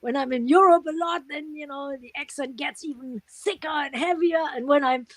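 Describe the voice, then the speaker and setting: High-voiced woman with German accent. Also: moderate pace, dry recording. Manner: warm, gushing, laughs often. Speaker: guest musician. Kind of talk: casual interview.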